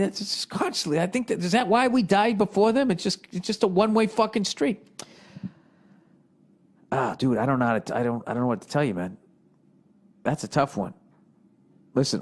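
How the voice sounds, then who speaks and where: A man hosting a podcast, reading listener questions aloud and riffing on them in a profane, exasperated comedic rant. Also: on the high side. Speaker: podcast host. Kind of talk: ranting comedic monologue.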